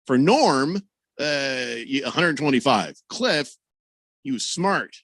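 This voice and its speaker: A man's voice: medium pitch, lively intonation, slow pace, fairly bright tone, dry recording. A man hosting a sports radio show, rambling and joking in casual studio banter. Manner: rambling, filler-heavy, joking.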